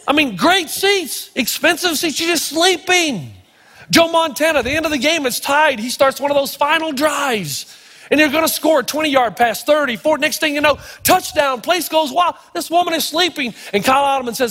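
A middle-aged man preaching a sermon, telling stories in short, punchy phrases with dramatic pauses. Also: extremely high pitch, a bit bright. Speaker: pastor. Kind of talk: sermon with storytelling. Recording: long hall reverb.

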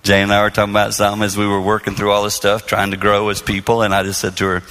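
Bright-voiced male marriage speaker. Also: lowish voice, fast talker. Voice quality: bright, lively delivery with soft half-voice asides. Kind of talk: sermon-style talk to an audience.

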